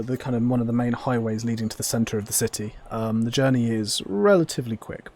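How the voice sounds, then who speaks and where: A man narrating a tabletop game as game master, describing scenes at length with frequent pauses and ums. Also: medium pitch, a little mellow.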